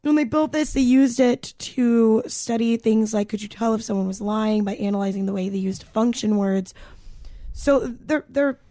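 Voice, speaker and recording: A woman's voice: on the high side, moderate pace, mellow, no room sound, studio quality. A woman co-hosting a podcast, telling a story in loose casual chat and swearing freely. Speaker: podcast co-host.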